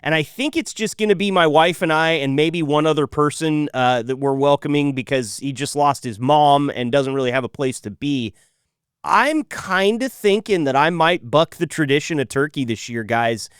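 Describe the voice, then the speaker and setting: A man's voice: on the high side, animated, moderate pace, smooth, no room sound, studio quality. A man hosting a podcast in casual chat, joking and thinking aloud with many restarts. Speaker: podcast host.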